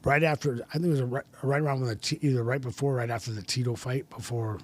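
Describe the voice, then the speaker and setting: A man's voice: medium pitch, steady tone, quick pace. A middle-aged man, a podcast guest, telling stories in casual talk, with many restarts and laughs along the way. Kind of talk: casual storytelling.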